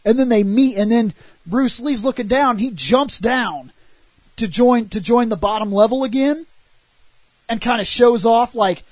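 A man on a podcast, casually and animatedly recounting a movie's plot and arguing for it, with a husky voice and loose swearing. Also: extremely high pitch, a little slow, no echo, low-quality recording. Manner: animated retelling with frequent swearing. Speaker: podcast co-host reviewing a film. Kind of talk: casual film discussion.

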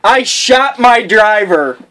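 Man, high voice, casual podcast chat, swearing, joking about himself. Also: animated, slow pace, pushed and bright, poor audio. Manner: profane, joking, self-mocking. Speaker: podcast co-host.

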